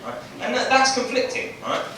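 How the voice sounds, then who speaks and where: A chatty male stand-up from Bexley, southeast London, performs in a small comedy club with an extremely high, sharp voice, a level tone and normal speed, tagging lines with "right?". Recorded from afar in a roomy space, the clip has slight background noise and audience laughter.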